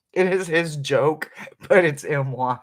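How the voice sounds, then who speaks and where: Rambling, laughing psychic reader. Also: mid-range voice. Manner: rambling and chatty, laughs often, informal slang. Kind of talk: casual live reading for viewers.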